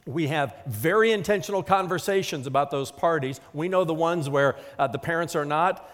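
A man's voice: on the high side, normal speed, long reverb tail. A middle-aged man preaching a sermon as a pastor, emphatic and acting out quotes.

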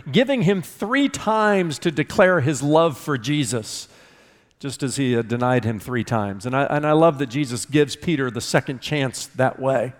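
A man's voice: fairly high pitch, long reverb tail. A man preaching a sermon as a pastor, conversational and earnest, acting out dialogue from scripture.

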